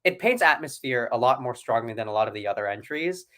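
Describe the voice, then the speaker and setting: A man's voice: medium pitch, lively intonation, quick pace, fairly bright tone. A man from California co-hosting a casual livestream, enthusiastic, repeating himself and stammering into sentences. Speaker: co-host of a livestream. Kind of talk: casual chat.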